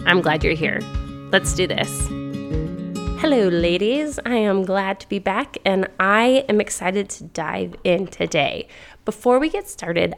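A woman's voice: mid-range voice, gravelly. A woman hosting a faith podcast, talking chatty and enthusiastic, thinking aloud as she goes. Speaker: podcast host. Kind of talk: casual faith podcast talk.

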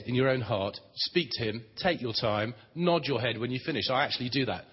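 A man's voice: medium pitch, expressive, normal speed, few pauses, breathy edge. A man giving a plain, conversational teaching talk on prayer at a Christian conference, with dry humor. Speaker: conference speaker on prayer ministry. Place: large conference hall. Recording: dull, reverberant hall recording.

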